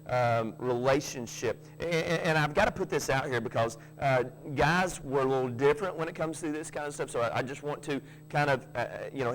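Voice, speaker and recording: A man's voice: medium pitch, a little hiss or hum, poor audio. A man preaching a sermon, folksy, with joking asides and frequent restarts. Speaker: pastor.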